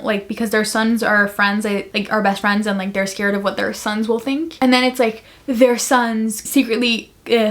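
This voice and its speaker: A woman in her twenties from Canada, casually chatting through a monthly book wrap-up, gushing and rambling with lots of fillers and restarts. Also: on the high side. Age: 20s. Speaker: book vlogger.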